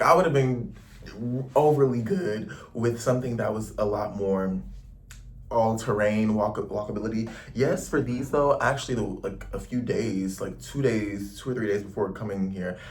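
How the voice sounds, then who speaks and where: Recorded from a distance, a young American travel vlogger with a lowish voice talks casually to camera inside his Paris accommodation. His delivery is chatty and meandering, full of slang and frequent "like."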